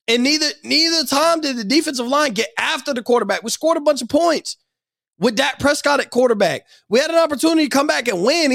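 Man, podcast host, angry profane rant, gravelly voice, dry close sound. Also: very high voice, no echo. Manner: angry, profane, shouting at times.

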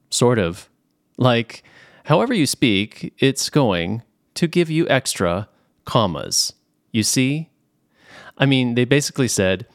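A man with a Southern California accent, hosting a podcast and reading out a joking letter in a playful, animated way. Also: fairly low pitch, no room sound, studio quality. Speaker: podcast host.

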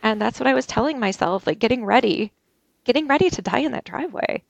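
A woman telling an interview host about a violent attack she survived, talking haltingly with many restarts. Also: on the high side, expressive, creaky, no echo, muffled recording. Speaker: interview guest. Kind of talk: recounting a personal ordeal. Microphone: video call.

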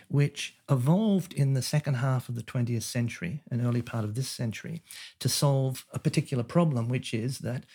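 A man's voice: medium pitch, warm tone, slightly rough. A man, an economist guest on a podcast, explaining his ideas in a thoughtful way with frequent fillers and restarts. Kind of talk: conversational interview.

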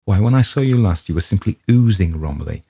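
A man's voice: low-pitched, expressive, fast, vocal fry, mellow, breathy edge, full character voice. A man reading aloud who voices a frank, devoted woman friend with a blunt, pointed manner.

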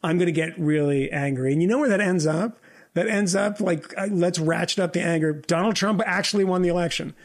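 A man's voice: sits high, a little fast. A man co-hosting a podcast, ranting in a heated and profane way and throwing in mocking quoted voices. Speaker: podcast co-host. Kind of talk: heated political podcast rant.

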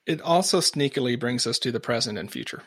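Animated male podcast host, dry sound. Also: mid-range voice, fast talker, slightly rough, dry recording. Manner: animated, acts out quoted remarks. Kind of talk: conversational podcast interview.

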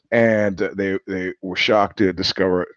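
A man's voice: low-pitched, fairly even intonation, slow pace, a bit bright, dry recording. A middle-aged man hosting his own show, talking in a rambling monologue with frequent laughs and restarts. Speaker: host. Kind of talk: casual monologue. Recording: dull lo-fi sound, dry.

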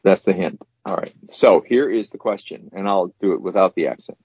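A man's voice: sits low, a little fast, few pauses, breathy edge, no echo, muffled recording. A man who is the show's producer, bantering in an easygoing, laid-back way in casual podcast chat.

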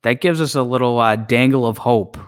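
A man's voice: medium pitch, a little fast, no room sound. A man co-hosting a sports podcast, speaking in a casual, plainspoken way. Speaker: podcast co-host.

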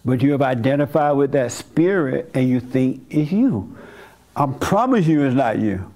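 A man's voice: medium pitch, animated, normal speed, dark tone. An older man preaching a sermon as pastor, telling stories and acting out the voices of people he quotes.

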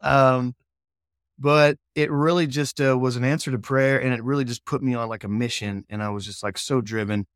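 Man, forties, casual interview guest, earnest, animated, acts out conversations, dry sound. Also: medium pitch, fast talker, few pauses, dry recording. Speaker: filmmaker guest.

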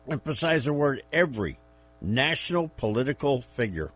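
A man's voice: medium pitch, animated, normal speed. A man hosting a political radio show, who chats casually and backs his co-host up with short agreements. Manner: affirming, conversational, brief backchannels.

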